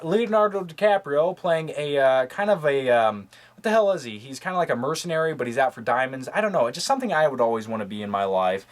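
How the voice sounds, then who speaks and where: A man casually touring his movie collection, talking quickly and offhandedly, cracking crude jokes and losing his train of thought. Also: medium pitch, very animated, slight background noise. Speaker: movie reviewer. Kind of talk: casual rambling collection tour.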